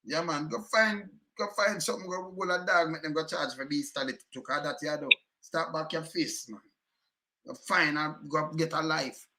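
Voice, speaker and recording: A man's voice: on the high side, moderate pace, crowd noise. A Jamaican man giving heated, emphatic commentary in patois, repeating himself and cursing often.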